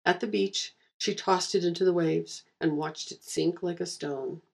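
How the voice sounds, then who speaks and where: A woman reading a fantasy story aloud with steady, wry narration. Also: fairly low pitch, measured pace, creaky, slightly rough.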